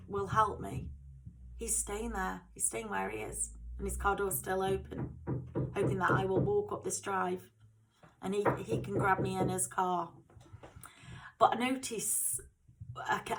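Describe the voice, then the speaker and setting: A middle-aged woman telling a true story of her own, speaking softly, halting and repeating words. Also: mid-range voice, rough recording. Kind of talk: personal true story narration.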